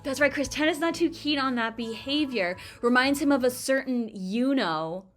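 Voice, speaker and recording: Excitable young woman gaming streamer. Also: sits high, moderate pace. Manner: excitable, swearing, laughing, gushing. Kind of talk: excited casual let's-play commentary. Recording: game music under voice. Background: game music.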